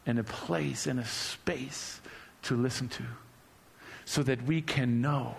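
A male preacher delivering a relaxed, humorous sermon who often repeats words as he speaks off the cuff. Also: medium pitch, slow pace, vocal fry, husky. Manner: conversational and humorous, repeats words while searching.

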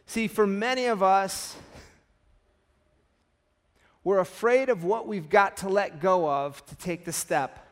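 Casting: male pastor, lively sermon delivery, voice a little on the high side, acts out story voices. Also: slow pace, pauses often.

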